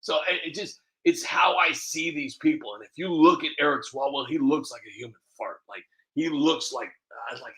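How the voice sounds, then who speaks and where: A man's voice: a little high, lively intonation, normal speed, pushed and bright. A man, a video creator, rambling casually to the camera with many restarts and fillers, often laughing at himself.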